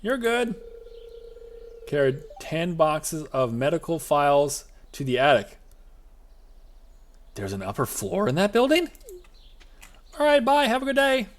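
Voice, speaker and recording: A man's voice: fairly high pitch, big pitch swings, measured pace, long pauses. A man streaming a farming game live, chatting to himself in a rambling, jokey way with lots of side tangents. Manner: rambling, jokey, self-talking asides. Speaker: VTuber streamer. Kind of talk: live-streamed gameplay commentary.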